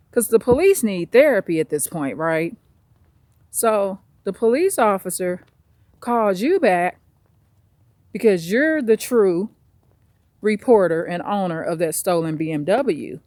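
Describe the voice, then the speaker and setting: A woman vlogs while out on a walk, talking bluntly and swearing freely. She speaks slowly, taking her time. Her voice sits at a middle pitch and sounds dry and close. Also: lively intonation, a little mellow, no room sound. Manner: blunt, profane, ranting. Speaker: vlogger. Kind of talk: casual vlog monologue. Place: outdoors, on a walk.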